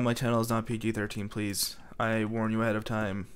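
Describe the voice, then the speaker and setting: A man's voice: fairly low pitch, little pitch movement, fairly quick, few pauses, clear, resonant tone. A man doing goofy let's play commentary, rambling and talking back to himself. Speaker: gaming commentator.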